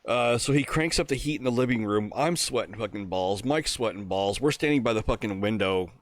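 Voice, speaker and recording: A man's voice: on the low side, a little fast. A man from Pennsylvania telling a profane prank story on a casual podcast, laughing as he goes. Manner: profane, laughs through his own story. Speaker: podcast co-host.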